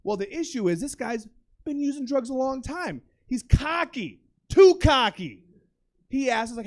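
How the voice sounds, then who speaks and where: A young man doing a stand-up comedy set on a club stage, telling a profane, animated story and bursting into shouted impressions. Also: extremely high pitch, a little slow.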